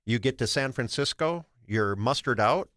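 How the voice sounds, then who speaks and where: Older guy laying out a theory, steady and measured, mid voice, dry sound. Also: mid-range voice, no room sound. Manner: measured, explanatory, poses questions to the listener. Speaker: guest, veteran. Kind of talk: interview explanation.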